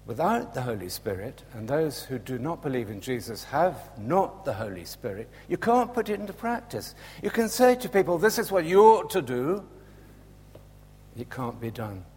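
A man preaching a sermon in a church, slow and animated, dropping to a hush and rising again. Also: mid-range voice, breathy edge. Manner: slow, animated, swings from loud to hushed. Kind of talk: Palm Sunday sermon. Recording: echoey church hall with long reverb.

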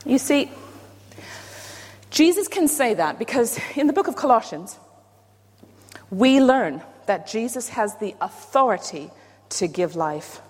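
A woman preaching a sermon, playful and self-deprecating, with animated emphasis. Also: on the high side, unhurried, long pauses, husky. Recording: long hall reverb.

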